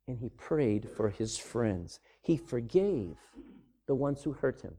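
A middle-aged man preaching a sermon as pastor, swinging from loud emphasis to sudden hushed drops. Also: mid-range voice, big pitch swings, takes it slowly, slightly rough.

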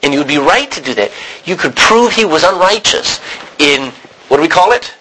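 Animated, bright-voiced male Bible teacher. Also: on the high side, brisk, breathy edge, poor audio. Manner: animated, questioning the class, laughing often.

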